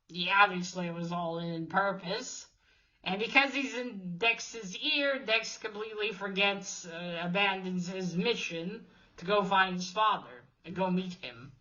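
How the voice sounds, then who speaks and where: A woman talks through a comic's plot in a slow, unhurried way, trailing off and circling back as she goes. She swears casually and fills gaps with "uh" and "like." The recording sounds a little dull and lo-fi. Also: mid-range voice, sharp tone. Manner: rambling, swears freely, many restarts and fillers. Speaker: comic review host.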